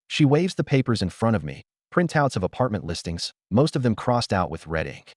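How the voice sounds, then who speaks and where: A man's voice: fairly low pitch, sing-song, a little fast, few pauses, darkish tone, no room sound, clean studio sound. A man narrating a scripted first-person story in an earnest, conflicted way.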